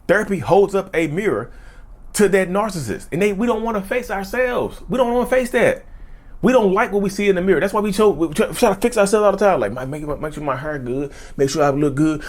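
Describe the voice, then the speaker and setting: Fast-talking earnest man in his thirties. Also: a little high. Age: 30s. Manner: earnest, preachy, repeats phrases for emphasis. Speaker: mental health video creator. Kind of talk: casual talking-to-camera monologue.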